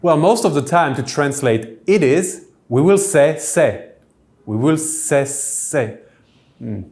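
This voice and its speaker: Slow, measured man teaching French. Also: fairly high pitch, lively intonation, darkish tone. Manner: clear, measured explanations, French words said slowly. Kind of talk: recorded language lesson. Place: church hall classroom.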